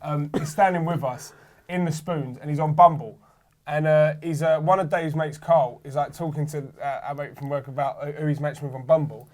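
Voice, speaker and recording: A young man, a podcast co-host, telling stories in animated, laughing casual chat. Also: on the high side, brisk.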